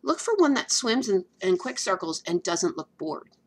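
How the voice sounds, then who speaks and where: A woman's voice: medium pitch, very animated, moderate pace, background noise, natural voice. A woman voicing a know-it-all little girl. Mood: bossy. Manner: earnest, bossy lecturing. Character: serious young girl, know-it-all best friend.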